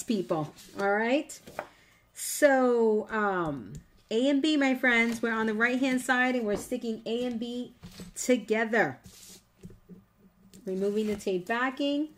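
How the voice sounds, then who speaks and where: A woman's voice: a little high, slow pace, slight background noise. A woman teaching a live online scrapbooking class in a chatty, encouraging way, teasing her viewers as she walks through each step. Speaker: scrapbooking instructor.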